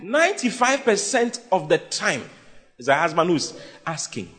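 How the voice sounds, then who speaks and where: A male pastor, preaching a humorous sermon, teasing and often shouting to his congregation. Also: high voice, sing-song, normal speed. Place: church before a live congregation. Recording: congregation noise behind the voice.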